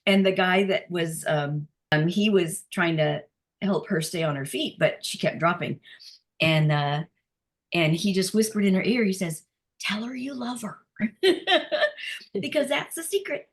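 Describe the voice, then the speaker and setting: A middle-aged woman, a healing practitioner, telling personal stories in a casual group chat, animated and laughing often, with many restarts. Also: fairly low pitch, moderate pace.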